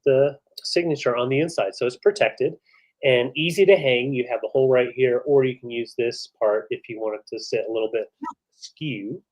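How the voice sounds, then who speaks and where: A man co-hosting a live vintage sale, relaxed and enthusiastic as he describes each piece. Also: medium pitch, moderate pace. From western United States. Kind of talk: live selling chat.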